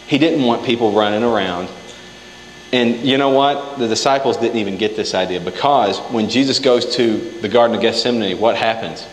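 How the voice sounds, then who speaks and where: A man's voice: fairly low pitch, brisk, slight background noise. A man preaching a sermon in a church hall. He talks casually and acts out the scripture quotes himself. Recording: echoey hall, faint ambience.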